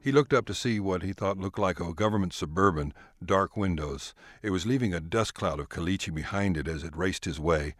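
Male storyteller, deep voice, dry close sound, relaxed folksy narration. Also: moderate pace, hardly any pauses, dry recording.

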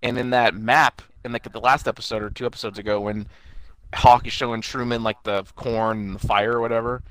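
A man in a casual chat at a middle pitch. He rambles and swears freely, and he often restarts his sentences. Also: level tone, a little fast, a bit bright, no echo, rough recording. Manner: rambling, swearing, trailing off with fillers. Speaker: podcast co-host.

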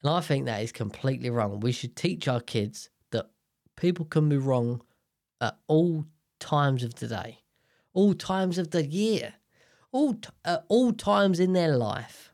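Speaking a little slowly with lively intonation, a young man rambles through a casual solo podcast, swearing a lot and repeatedly interrupting himself. His voice is a little high and darkish with vocal fry, recorded at studio quality without echo.

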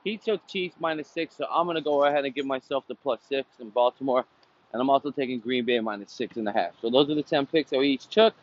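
A man's voice: medium pitch, fast talker, dull audio. A man hosting a casual sports betting podcast, running through picks and results in a brash, profane way from a windy spot outdoors. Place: outdoors, windy, traffic nearby.

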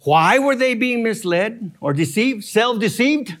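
Male preacher, high and animated, slow deliberate teaching with chuckles. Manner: animated and chuckling, explains grammar step by step. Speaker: Bible teacher. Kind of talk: expository sermon.

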